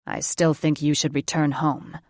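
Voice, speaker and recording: A man's voice: on the high side, flat delivery, moderate pace, dry recording, clean studio sound, pitched below the performer's own voice, natural voice. A woman voicing a proud, bitter teenage dragon-shifter boy who grumbles, in a fantasy audiobook. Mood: grumbling.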